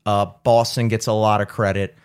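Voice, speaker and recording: Male co-host, lower voice, dry quick reactions in casual talk. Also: flat delivery, clean tone. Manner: reactive, wry asides. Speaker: podcast co-host. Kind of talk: casual chat.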